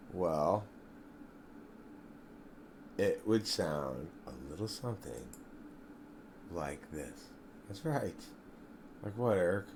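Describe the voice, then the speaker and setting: Slow-talking man with lively pitch. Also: slight background noise. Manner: slow, meandering talk with self-directed asides. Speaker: channel host. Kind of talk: rambling solo vlog.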